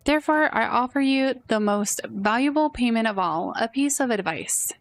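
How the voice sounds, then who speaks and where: A woman voicing a pompous, theatrical game character who hands out grand advice in a drawn-out, condescending way. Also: on the high side, expressive. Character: pompous theatrical tea-drinking advice giver.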